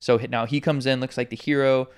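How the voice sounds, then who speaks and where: A man co-hosting a podcast, giving sarcastic, animated political commentary in casual chat. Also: mid-range voice, quick pace, clear, resonant tone. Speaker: podcast co-host.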